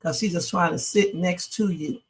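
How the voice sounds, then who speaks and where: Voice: mid-range voice, moderate pace. A livestream host giving blunt, profane reaction commentary and talking straight to the viewers.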